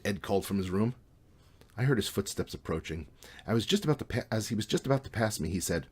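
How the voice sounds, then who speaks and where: A man's voice: fairly low pitch, lively intonation, fast, a little mellow, husky. A man reading his own novel aloud in a casual, wry way. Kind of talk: audiobook reading.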